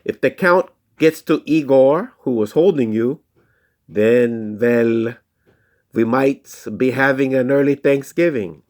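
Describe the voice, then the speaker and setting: A man voicing a hideous, scheming male mad-scientist villain in a put-on thick German accent, loud and mocking. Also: medium pitch, takes it slowly, pitched above the performer's own voice, close to an everyday voice. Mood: menacing.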